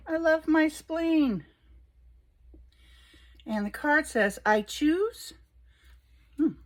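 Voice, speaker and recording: Slow, delighted older woman reading cards. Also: on the high side. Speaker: oracle card reader. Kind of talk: casual card reading vlog.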